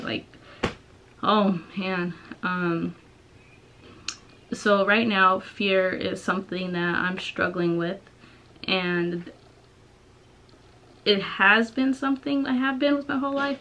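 A woman's voice: mid-range voice, fairly bright tone, slight background noise, rough recording. A young woman vlogging from home, talking in a hesitant, rambling way with many restarts. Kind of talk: personal confessional vlog.

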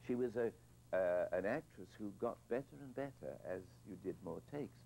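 A man's voice: fairly low pitch, expressive, moderate pace, creaky, dark tone, a little hiss or hum, rough recording. An older man, a film director being interviewed, telling reflective anecdotes with hesitant restarts and repeated words.

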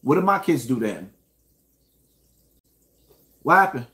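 A man's voice: medium pitch, sing-song, a little slow, fairly bright tone. A man ranting to his viewers in reaction commentary, emphatic and indignant, speaking straight to the audience.

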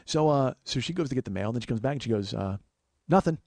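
A man's voice: medium pitch, racing, creaky, darkish tone, dry recording. A man hosting a podcast, telling a comedic story as a profane, exasperated rant. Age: 40s. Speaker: podcast host.

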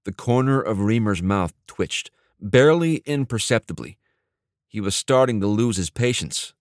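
A man reading a fiction audiobook in a measured storytelling manner. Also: lowish voice, animated, no echo, clean studio sound. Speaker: audiobook narrator. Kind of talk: scripted audiobook narration.

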